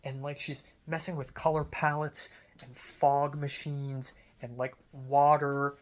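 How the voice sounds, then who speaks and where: A young adult film student talks through a story in a loose, casual monologue. The delivery rambles, packed with "like" fillers and offhand swearing, at a middling pitch. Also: flat delivery, takes it slowly.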